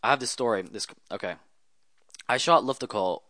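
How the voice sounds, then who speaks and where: A man's voice: medium pitch, moderate pace, pushed and bright, no echo, studio quality. A man talking as a guest in a casual interview, telling rambling stories in a chatty way. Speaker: guest, automotive photographer.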